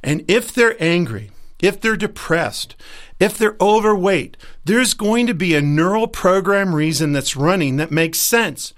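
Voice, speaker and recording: A man's voice: high-pitched, lively intonation, unhurried, fairly bright tone. A man who works as a life coach, giving an emphatic motivational talk and acting out the voices he quotes.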